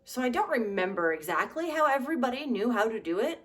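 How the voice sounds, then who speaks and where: A woman in her thirties giving sarcastic, comedic commentary on nostalgic trends, swearing and throwing in animated asides. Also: a little high, fast talker. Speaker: comedy vlogger.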